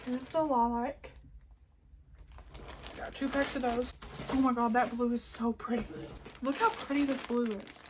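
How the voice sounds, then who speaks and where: A woman's voice: on the high side, fairly even intonation, measured pace, pauses often, background noise. A woman with a Southern country accent, showing off a yarn haul in a rambling, casual way with lots of fillers and some near-whispered asides. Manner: chatty, rambling, many "like" fillers, drops to a near-whisper at times. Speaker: crafting vlogger. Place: home, indoors.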